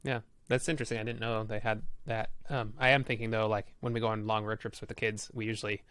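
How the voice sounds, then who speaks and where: A man co-hosting a podcast, chatting casually with quick, laughing asides. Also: on the low side, little pitch movement, fairly bright tone, clear, resonant tone, no room sound. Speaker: podcast co-host. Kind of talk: casual chat.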